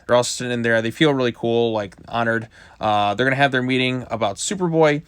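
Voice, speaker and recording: A man's voice: mid-range voice, fairly quick, fairly bright tone, clean tone, dry recording. A man giving a casual video review of a comic book, loosely retelling the plot with lots of "like" fillers.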